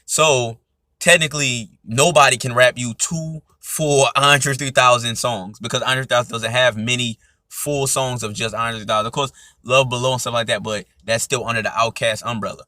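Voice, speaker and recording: Bright-voiced young Atlanta man talking loosely. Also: mid-range voice, steady tone, moderate pace, no room sound, clean studio sound. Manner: loose, conversational, repeats "you know what I'm saying". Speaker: podcast host. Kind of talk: casual solo commentary.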